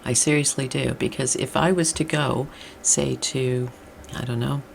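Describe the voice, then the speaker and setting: A middle-aged woman delivers a blunt, exasperated rant with a gravelly, creaky edge to her voice. She speaks at an ordinary mid pitch for a woman. A faint hiss of noise sits under her voice. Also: steady tone, a little slow. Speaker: vlogger. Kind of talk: ranting monologue.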